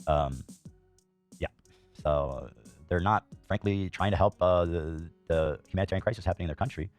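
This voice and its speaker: A man's voice: deep voice, moderate pace, faint music behind. A male podcast host giving heated reaction commentary, swearing, coughing and filling gaps with "um".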